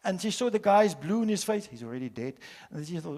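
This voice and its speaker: An older man from South Africa giving a dramatic conference talk, swinging from loud storytelling to hushed asides. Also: sits high, lively intonation, brisk. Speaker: conference speaker. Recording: hall reverb.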